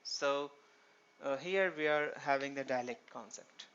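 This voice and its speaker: A man's voice: medium pitch, measured pace, fairly bright tone, a little hiss or hum. A man teaching a programming tutorial, explaining step by step and asking himself rhetorical questions. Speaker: programming instructor. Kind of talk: screen-recorded tutorial lecture. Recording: dull lo-fi recording.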